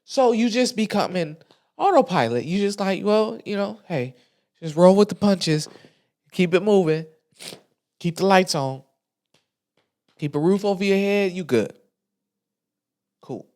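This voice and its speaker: Into a studio microphone, a podcast host shares a heartfelt, unscripted monologue, candid, emotional and colloquial, with frequent restarts and asides to listeners. The voice is medium-pitched and darkish, with lively intonation, a slightly slow pace and long pauses.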